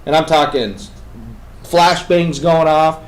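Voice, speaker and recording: A man on a talk show, telling a story with energy. He swings between loud, emphatic bursts and hushed, intense passages. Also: a little high, steady tone, slow pace, low-quality recording. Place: radio studio.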